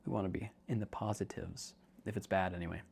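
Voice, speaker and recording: A man's voice: deep voice, fairly even intonation, fast talker, creaky, darkish tone, breathy edge. A young man hosting a podcast, talking casually and joking as he explains ideas to listeners. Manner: chatty, jokey, calls listeners dude. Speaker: podcast host and counselor.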